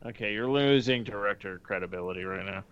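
A man's voice: on the low side, fast, lo-fi sound, very noisy. A man hosting a casual chat on a call, rambling and teasing his friends. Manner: rambling, teasing, restarts sentences. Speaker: podcast host.

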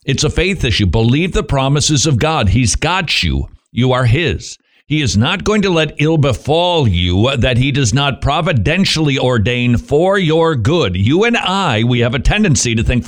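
A man's voice: mid-range voice, sing-song, normal speed, few pauses. A middle-aged man hosting Christian radio, giving a devotional talk with joking asides to himself.

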